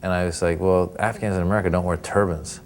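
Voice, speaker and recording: A man in his thirties with a fairly low voice tells stories in a relaxed interview. He slips into other voices as he goes, animated and playful. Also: fast talker, a little hiss or hum. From Iran. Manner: animated storyteller who acts out voices. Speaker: comedian and actor interviewed. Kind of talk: casual interview chat.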